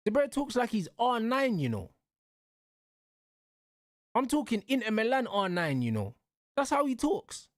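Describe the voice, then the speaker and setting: A man's voice: sits high, huge pitch swings, a little slow, long pauses, no echo, studio quality. Heated young man ranting. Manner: heated, repetitive, slangy ranting. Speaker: show host. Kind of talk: casual football rant.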